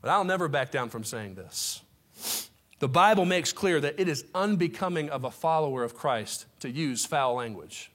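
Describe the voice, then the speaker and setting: A man's voice: a little high, expressive, normal speed. A man preaching a sermon to his congregation, impassioned, with folksy asides to the room. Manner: impassioned, rising to near shouts. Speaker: pastor.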